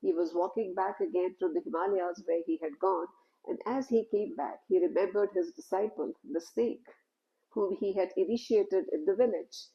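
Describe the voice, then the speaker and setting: A woman telling a spiritual story in a gentle, unhurried, conversational way. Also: medium pitch, muffled recording.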